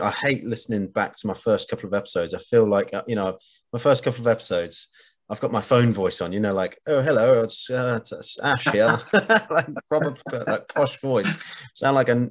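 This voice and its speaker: A man hosting a podcast, talking in an enthusiastic, encouraging way. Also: medium pitch. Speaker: podcast host. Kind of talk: casual conversation.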